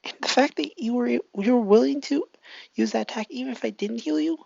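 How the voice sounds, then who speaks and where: A worried teenage girl who scolds through her tears, pitched high above the narrator's own voice, as the storyteller puts her on. The recording is dry and dull, and the voice has a gravelly edge. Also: a little fast, dark tone, no room sound. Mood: tearful scolding. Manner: tearful, scolding.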